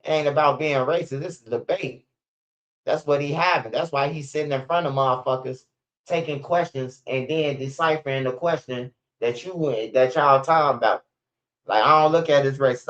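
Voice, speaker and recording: A man's voice: medium pitch, steady tone, moderate pace, highs cut off. A man hosting a casual news livestream, rambling and profane with stammering restarts. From Chicago, USA. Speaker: street news livestream host.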